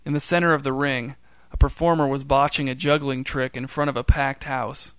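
Male narrator, mid pitch, dry deadpan delivery, clean dry studio read. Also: brisk, clean tone, no room sound. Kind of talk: scripted story narration.

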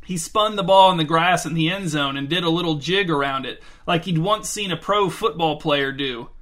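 A man's voice: on the high side, moderate pace, fairly bright tone. A man reading a story aloud in a dry, wry narration. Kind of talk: scripted narration.

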